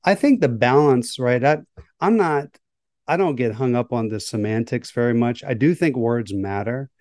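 A man's voice: mid-range voice, normal speed, darkish tone, no echo, studio quality. A man, a workplace psychologist, answering interview questions in a thoughtful, hedging way. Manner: thoughtful, hedging with "right?" and "kind of".

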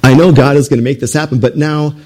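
A preacher voicing Gideon as a worried ancient general thinking aloud, in a casual modern way of talking. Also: male voice, fairly high pitch, fairly even intonation, fast, darkish tone, natural voice. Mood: fearful. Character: frightened ancient Israelite general, adult man.

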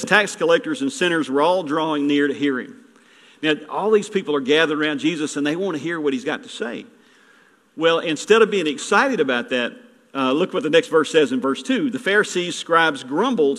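A man's voice: a little high, fairly bright tone, big-room sound. A man preaching a folksy, rambling sermon as a guest preacher, full of jokes and restarts. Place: church sanctuary.

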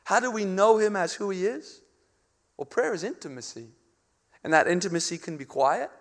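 A young adult man preaching a sermon, swinging between loud, urgent calls and hushed, intimate passages. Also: high voice, animated, normal speed. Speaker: pastor. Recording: long reverb of a large hall.

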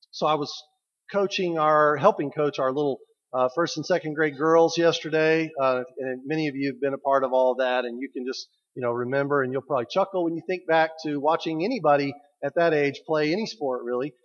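Man preaching on a dull lo-fi recording. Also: on the high side. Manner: conversational, emphatic preaching with slow pauses. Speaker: pastor. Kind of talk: sermon.

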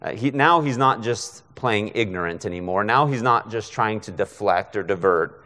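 A man's voice: lowish voice, expressive, moderate pace, bright, forceful tone, big-room sound. A man preaching a conversational expository sermon as a guest preacher, often checking in with listeners by asking "right?". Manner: conversational, frequent rhetorical "right?".

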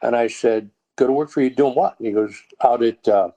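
A man's voice: mid-range voice, brisk, poor audio. A man with a Texan accent, a podcast guest telling a story in casual chat and acting out the voices in it. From Texas. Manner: animated storyteller, acts out quoted dialogue. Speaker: guest, dog trainer.

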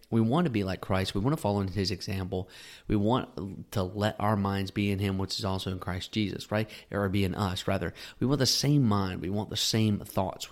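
A man hosting a Christian podcast, teaching in a casual, conversational way with rhetorical questions and self-corrections. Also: lowish voice. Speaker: podcast host.

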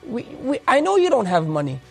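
A man voicing an excited ten-year-old boy who pleads and asks insistent questions. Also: extremely high pitch, a little fast, vocal fry, husky, soft background music, voice pushed up, full character voice. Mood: pleading.

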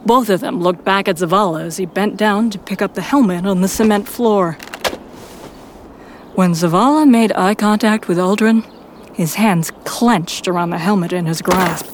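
A woman narrating a first-person fan audio drama in a steady storytelling manner. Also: mid-range voice, a little hiss or hum, rough recording.

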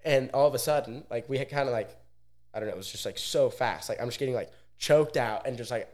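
A relaxed young man from Oregon, spinning a story as a podcast guest. His voice sits at an ordinary middle pitch, and his talk drifts along easily, packed with "like" at every turn. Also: quick pace. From Oregon, USA. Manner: laid-back, fills speech with "like". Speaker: podcast guest, pro athlete. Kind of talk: casual storytelling.

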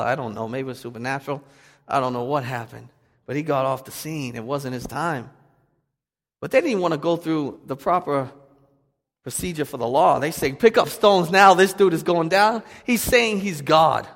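Pastor guy preaching, gravelly voice, echo of a big church hall, goes soft then loud. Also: mid-range voice. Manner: swings from hushed to loud and fervent. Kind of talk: sermon. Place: church sanctuary. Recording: long reverb of a church hall.

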